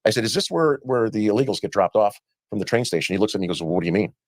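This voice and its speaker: A man whose voice is on the low side and animated tells quick stories in a played interview, slipping into quoted dialogue as he relives his experiences. There's no echo.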